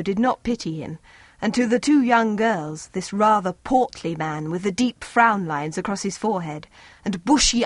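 A woman narrating a story in an expressive, lively storybook way. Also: mid-range voice, dry recording.

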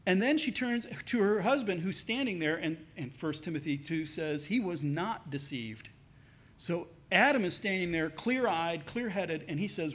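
High-voiced pastor preaching conversationally. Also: male voice, expressive, normal speed, fairly bright tone. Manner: conversational, acts out quoted voices with lowered pitch. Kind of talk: sermon.

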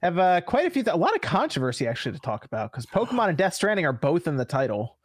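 A man's voice: a little high, quick pace, dry recording. Laid-back male podcast host, dry sound. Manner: relaxed, laughs easily. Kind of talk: casual podcast hosting.

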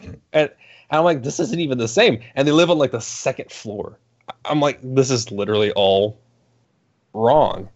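A man's voice: mid-range voice, normal speed. A man in casual podcast chat, ranting animatedly and swearing, slipping into mocking voices. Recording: dull lo-fi sound.

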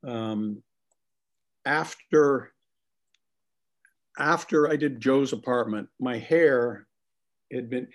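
A man being interviewed, telling animated, profane stories about his acting work with plenty of laughter. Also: mid-range voice, very slow, long pauses. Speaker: actor guest. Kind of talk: casual anecdotal storytelling.

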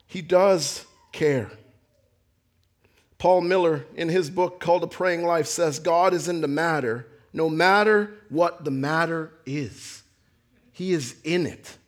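A man preaching a sermon, earnest, swinging from raised, near-shouted lines down to quiet ones. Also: measured pace. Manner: earnest preaching, rising to near-shouts then dropping low. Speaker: pastor.

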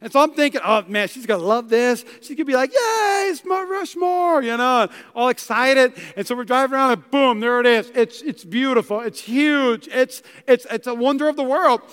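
A young male pastor preaches in a church hall, telling stories and acting out voices as he goes. His very high voice is clear, resonant and fairly bright, a little fast with few pauses, and a long reverb tail follows it.

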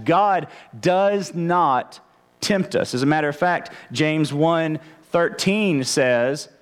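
A male pastor preaching a conversational sermon, often stammering and restarting his phrases. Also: on the high side. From Texas, United States.

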